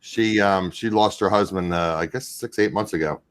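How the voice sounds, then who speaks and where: Low-voiced chatty man hosting. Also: normal speed. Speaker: livestream host. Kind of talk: casual chat on a livestream.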